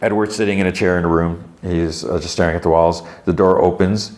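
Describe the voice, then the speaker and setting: A man's voice: low-pitched, steady tone, brisk, a little mellow. A man hosting a podcast, casually retelling a TV episode scene by scene and acting out bits of dialogue. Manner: retells scenes loosely, acting out characters' lines. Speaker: podcast host.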